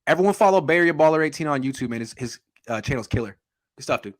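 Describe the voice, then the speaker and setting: A man's voice: on the high side, animated. A man hosting a sports talk show, chatting casually and reading out viewer comments. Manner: quick, casual, reads viewer comments aloud. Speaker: podcast host.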